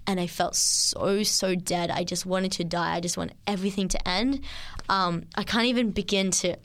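A woman, speaking in an interview with an earnest, halting manner and many restarts. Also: on the low side, fairly even intonation. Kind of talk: testimony interview.

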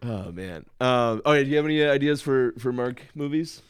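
A man telling stories in a laid-back, easygoing way during casual podcast chat. His pitch sits in a middle range. The recording is dry and close. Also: lively intonation, normal speed, smooth, no room sound. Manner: laid-back storytelling with chuckles. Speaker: podcast co-host.

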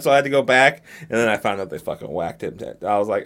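A young man in casual podcast chat, telling animated, profane stories about TV endings. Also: mid-range voice, fast, few pauses. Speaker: podcast co-host.

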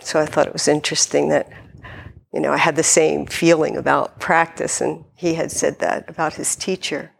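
A woman Zen teacher giving a dharma talk in a reflective, gently hesitant way. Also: low voice, little pitch movement, normal speed, gravelly, breathy edge.

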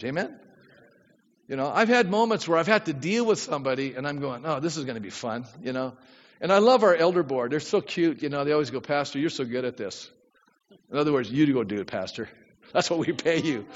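A man's voice: fairly high pitch, long reverb tail, highs cut off. A man pastor preaching a sermon in a conversational way, often asking the congregation questions.

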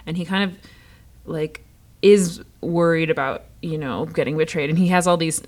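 A young woman with a slightly low voice talks through a book in casual chat with a co-host. She is animated, laughs easily and often leaves sentences hanging as she jumps to the next thought. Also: moderate pace. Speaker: podcast co-host.

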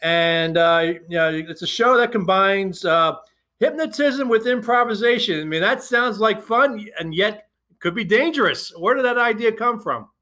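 A man hosting a sports podcast, asking interview questions in a halting way with frequent fillers. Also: high voice, lively intonation, pushed and bright. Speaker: podcast host.

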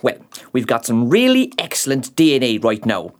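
An actress playing a fertility doctor with a salesy, stammering manner, selling designer babies. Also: female voice, very deep voice, sing-song, normal speed, a little mellow.

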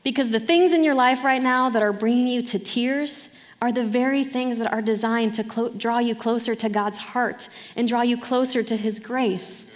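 A woman's voice: fairly high pitch, fairly even intonation, moderate pace. A woman preaching a sermon in a conversational way, often checking in with her listeners. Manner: conversational, often asks "right?". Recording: hall reverb.

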